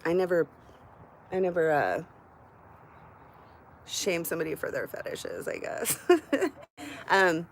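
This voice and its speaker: A woman's voice: on the low side, big pitch swings, slow, gravelly, long pauses, a little hiss or hum. A middle-aged woman hosting a live stream from home, chatting casually and candidly with her viewers and swearing freely. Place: at home, indoors.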